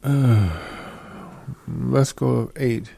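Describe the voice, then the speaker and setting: A man's voice: mid-range voice, extremely slow, vocal fry, mellow, husky, dry recording. A middle-aged man giving a casual sermon, reading scripture aloud and checking with listeners for agreement. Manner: conversational, asks listeners for agreement. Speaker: preacher.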